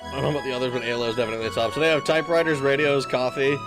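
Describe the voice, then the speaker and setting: A man's voice: mid-range voice, fairly even intonation, very fast, music in the background. A man streaming a video game who talks casually, swears often and laughs a lot. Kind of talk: let's play commentary.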